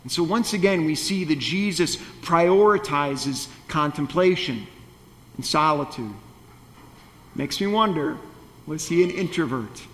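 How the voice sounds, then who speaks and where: A man preaching a sermon, chatty and playful, with wry asides to his congregation. His voice sits a touch high. The sound rings with the long reverb of a church hall. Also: expressive, a little slow, fairly bright tone. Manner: conversational, playful asides and acted quotes. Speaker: pastor.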